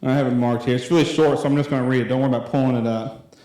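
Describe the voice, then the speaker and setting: A late-twenties youth pastor gives a wandering, conversational sermon with plenty of fillers, recorded in a church hall with heavy echo. His voice is medium-pitched, steady and warm, and he talks at a racing pace.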